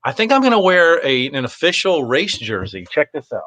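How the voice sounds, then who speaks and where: A man's voice: a little high, sing-song, brisk, a bit bright. A man talking as a guest in a casual chat, easygoing and rambling, with lots of fillers. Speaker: guest, competitive shooter.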